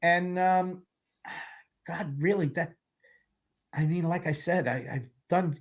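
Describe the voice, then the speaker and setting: A man's voice: high voice, takes it slowly. A man in his sixties, a film producer as a guest, talking in a candid, rambling way and telling stories with wry humor. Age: 60s. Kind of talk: casual interview chat.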